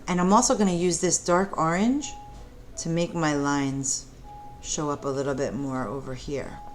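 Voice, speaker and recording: A woman teaching a preschool art lesson in a gentle, encouraging way, talking the children through each step and asking them questions. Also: sits low, moderate pace, a little hiss or hum.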